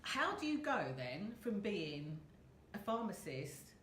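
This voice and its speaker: A woman's voice: mid-range voice, sing-song, slow pace, roomy sound, noisy background. A woman hosting a casual live video chat from a hotel room, chatty and rambling, laughing often. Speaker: host.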